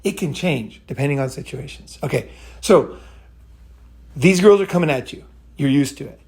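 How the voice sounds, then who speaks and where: A man talks in a loose, unscripted monologue for his own channel, blunt and profane. He circles back on his points, restarts sentences, and keeps checking in with "okay?" His voice sits a little higher than most men's. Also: moderate pace, creaky, darkish tone. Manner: rambling and blunt, swears freely, keeps asking "right?" and "okay?". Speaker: channel host giving dating advice. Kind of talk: casual monologue.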